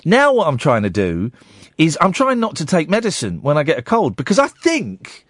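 Male radio host, jokey deadpan, animated voice, dry studio sound. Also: on the high side, normal speed, dry recording. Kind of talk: casual late-night radio chat. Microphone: studio microphone.

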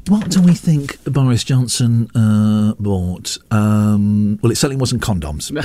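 A man hosting a radio show in the studio, talking in an animated, ranting and self-mocking way. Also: fairly low pitch, slow pace. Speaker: radio host. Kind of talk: casual radio chat.

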